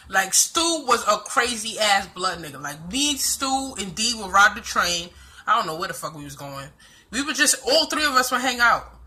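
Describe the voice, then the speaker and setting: A woman's voice: mid-range voice, pushed and bright. A young woman from the Bronx with a New York accent, telling a personal story to camera in a blunt, profane, slang-heavy way. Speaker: vlogger.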